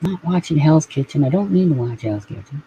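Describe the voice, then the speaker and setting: A man's voice: fairly high pitch, expressive, fairly quick, mellow, slight background noise, poor audio. A man chatting casually on a live stream, rambling and swearing offhand as he reacts to things.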